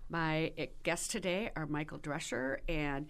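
A woman's voice: low voice, unhurried. A woman hosting a radio talk show, introducing her guests and asking them questions. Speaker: host.

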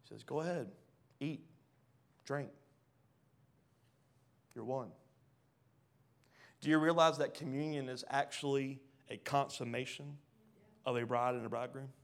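A man preaching a sermon, reading scripture aloud and questioning the congregation, swinging from hushed lines to loud ones. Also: medium pitch, fairly even intonation, measured pace, creaky, long pauses. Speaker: pastor.

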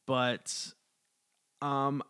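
Halting man co-hosting a comics podcast. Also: medium pitch, monotone, pushed and bright, clean tone. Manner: halting, with many fillers and backchannels. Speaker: podcast co-host. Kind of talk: casual comic review chat.

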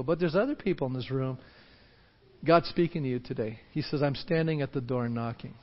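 A man preaching a passionate sermon to his church and leading an altar call, pushing up to emphatic peaks. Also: high-pitched. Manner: impassioned, rising to emphatic peaks. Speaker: pastor. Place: church sanctuary. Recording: dull reverberant hall recording.

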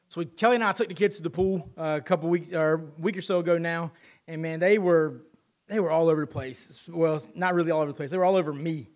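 A man's voice: a little high, quick pace, darkish tone. A man in his thirties preaching a sermon, reading scripture and telling family stories in a conversational way. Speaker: pastor.

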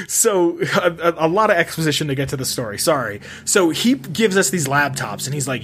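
A man's voice: on the high side, huge pitch swings, normal speed, a bit bright, slightly rough. A young man telling a rambling school story in casual chat, self-mocking, swearing and laughing often.

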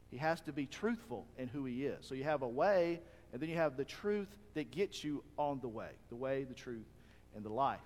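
A pastor with a voice fairly high for a man preaches earnestly and conversationally, asking his listeners one rhetorical question after another. The recording rings with the long reverb of a large hall.

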